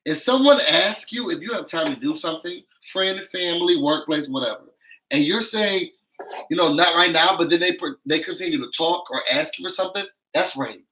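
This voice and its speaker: Male show reviewer, bright and sassy, emphatic, slightly high voice. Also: moderate pace, rough recording. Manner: sassy, emphatic, acts out quotes. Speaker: YouTube reality-show reviewer. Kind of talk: animated recap commentary.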